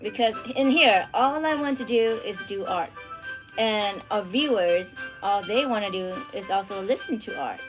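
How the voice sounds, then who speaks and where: Woman, art livestream host, casual chat, slow pace, reads viewer comments, soft background music. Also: mid-range voice, animated. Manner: chatty, reads out viewer comments, drifts into soft near-whispers.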